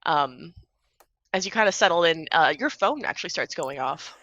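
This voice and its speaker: Bright-voiced woman game master. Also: low-pitched, lively intonation, normal speed, dry recording. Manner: casual, filler-heavy, giggly. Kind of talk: narrating a tabletop game. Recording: dull muffled sound, dry.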